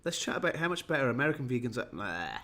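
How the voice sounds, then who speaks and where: A man's voice: on the high side, very fast, a bit bright. A tired, jetlagged man from Wales, rambling and self-mocking as he chats with viewers on a livestream. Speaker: livestream host. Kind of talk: casual livestream chat.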